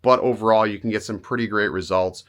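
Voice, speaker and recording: Casual man, slightly low voice. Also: fairly even intonation, fast, a bit bright. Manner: casual, direct, a bit blunt. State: losing his voice. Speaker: vlogger, real estate photographer. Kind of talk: casual gear walkthrough. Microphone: camera's onboard mic.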